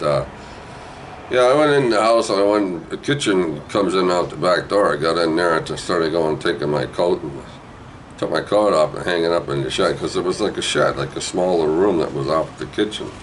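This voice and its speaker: Rambling low-voiced older New man. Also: animated, normal speed, a little hiss or hum, poor audio. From New Brunswick, Canada. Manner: rambling, digressive, with frequent "eh" and "right". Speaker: storyteller. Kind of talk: casual spoken memoir.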